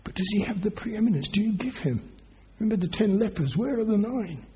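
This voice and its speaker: A man's voice: sits high, animated, brisk, highs cut off. A man preaching a sermon as pastor, earnest and emphatic, pressing his listeners with rising questions.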